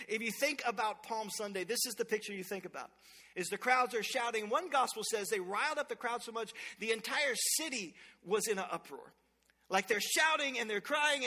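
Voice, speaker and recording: A pastor with a very high, bright, forceful voice delivers a sermon, moving from lively family stories to scripture with playful call-outs to the congregation. He is a man in his thirties. His voice rings with the long reverb of a large church sanctuary.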